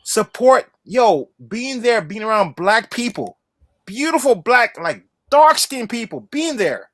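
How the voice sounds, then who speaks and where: A man with a high, bright voice talks with runaway enthusiasm on a podcast livestream. He repeats and restarts his words in his excitement. The sound is dry and close. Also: a little slow, no room sound. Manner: passionate, effusive, restarts often. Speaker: podcast co-host. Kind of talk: excited casual livestream chat.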